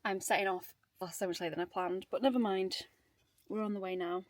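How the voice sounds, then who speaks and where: A woman's voice: medium pitch, fairly even intonation, fairly quick. A woman vlogs from inside her car, chatting to a handheld camera. Her talk is loose and chatty, and she often breaks into laughter as she thinks aloud. Her mid-range voice sounds dry and close, with no room echo. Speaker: vlogger. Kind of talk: casual vlog to camera.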